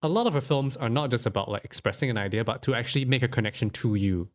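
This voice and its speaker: A man's voice: mid-range voice, animated, fast. A man co-hosting a podcast, chatting casually about films with many fillers and frequent laughs. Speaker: podcast co-host. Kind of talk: casual film discussion.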